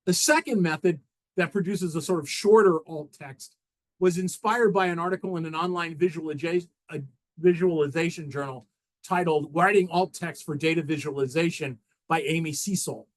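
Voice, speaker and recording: A man talking through slides at a technical seminar. His voice sits a little high for a man. He speaks haltingly, restarting phrases and filling gaps with "uh" as he explains each step. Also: low-quality recording. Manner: halting, frequent restarts and fillers while walking through slides. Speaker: presenter.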